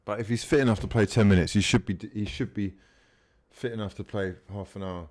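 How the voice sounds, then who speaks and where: A man giving live fan commentary while watching a match, swinging between mutters, swearing and shouts at the players. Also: on the low side, fairly quick. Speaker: fan channel host.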